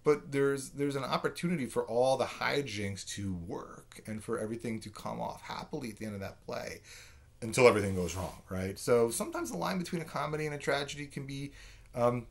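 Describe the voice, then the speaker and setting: A man's voice: mid-range voice, fairly quick, gravelly. A man giving a conversational literature lecture, full of fillers and "right?" check-ins. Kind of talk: recorded lecture.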